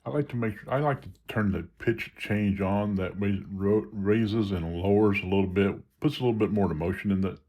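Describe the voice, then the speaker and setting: A man with a fairly low voice talks through phone settings one step at a time. His delivery is relaxed and conversational, with the odd restart as he explains. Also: moderate pace, few pauses. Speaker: video creator demonstrating phone settings. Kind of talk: casual screen-reader tutorial.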